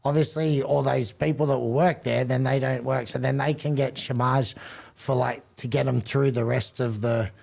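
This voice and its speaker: An Australian man, a rugby league coach as podcast guest, telling stories in a relaxed, rambling way, often restarting his sentences. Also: medium pitch, normal speed, vocal fry. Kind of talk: casual chat.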